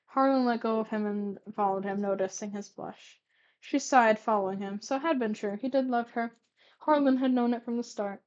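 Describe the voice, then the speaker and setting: A woman's voice: medium pitch, moderate pace, a little mellow, highs cut off. A young woman reading old fanfiction aloud, stumbling over words and breaking off for sarcastic asides. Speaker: reader.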